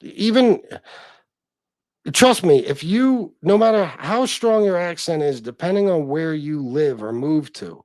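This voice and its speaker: A man's voice: a little high, lively intonation, measured pace, a little mellow, no echo. A middle-aged man hosting a casual livestream, reading chat comments and talking in a blunt, profane, self-deprecating way.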